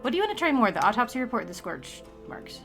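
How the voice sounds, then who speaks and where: A tired woman streaming a detective game, chatting casually with a giggly, halting manner. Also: on the high side, sing-song, a bit bright, faint music behind. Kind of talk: casual chat.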